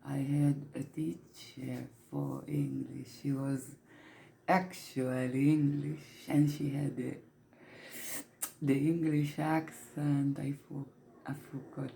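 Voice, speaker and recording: A hesitant woman, as an actress improvises her, speaks to the camera in an unscripted monologue. Her voice sits low with a gravelly edge. She talks very slowly and keeps breaking off to restart. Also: mellow, slight background noise, full character voice. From Israel. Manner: hesitant, halting, many restarts. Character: shy woman new to the camera, rambling. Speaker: fictional interviewee speaking to camera. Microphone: camera mic.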